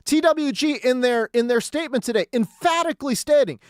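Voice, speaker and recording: A man's voice: very high voice, expressive, fairly quick, few pauses, no room sound, clean studio sound. A man hosting sports talk radio, ranting in a heated, exasperated way and hammering his points with repetition.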